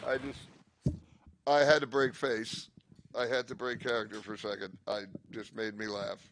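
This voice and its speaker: A man's voice: mid-range voice, little pitch movement, normal speed, noisy background. An older man doing a rambling, profane stand-up comedy set, cutting himself off mid-thought. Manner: rambling, profane, self-interrupting.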